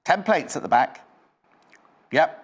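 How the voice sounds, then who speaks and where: A man's voice: fairly high pitch, animated, slow, highs cut off. A man presenting live on a shopping channel in a studio, with chatty, rambling sales patter.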